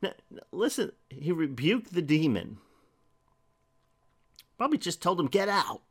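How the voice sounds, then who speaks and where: Man preaching with a lively voice. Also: a little high, unhurried, husky. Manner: conversational, asks rhetorical questions, reads scripture aloud. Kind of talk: sermon.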